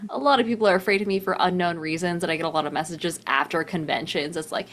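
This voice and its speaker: A woman's voice: fairly low pitch, fast, few pauses. A woman player chatting casually in a playful, teasing way after a tabletop game. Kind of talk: casual chat.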